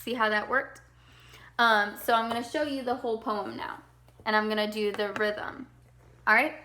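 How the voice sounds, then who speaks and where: A woman's voice: fairly high pitch, flat delivery, normal speed, pushed and bright. A young woman teacher giving a recorded lesson to children, explaining step by step and checking in often.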